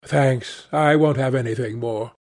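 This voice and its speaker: Male narrator voicing a grave, earnest gentleman painter; gravelly audiobook delivery. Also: mid-range voice, unhurried.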